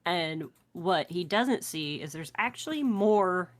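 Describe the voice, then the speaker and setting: A woman co-hosting a casual brainstorming chat, playful and quick to agree and build on ideas. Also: fairly low pitch, lively intonation. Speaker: podcast co-host.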